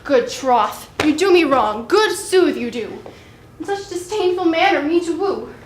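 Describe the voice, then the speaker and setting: A scorned young woman pleads in high, plaintive tones, played by a woman. The room is echoey, with faint background noise. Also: animated, measured pace. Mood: hurt. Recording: echoey stage recording.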